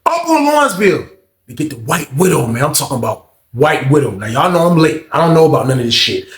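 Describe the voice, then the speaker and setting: Brief: a man spinning a casual story, lively and slangy, slightly high voice. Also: fast talker, reverberant. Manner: animated, slangy, swings into loud acted-out quotes.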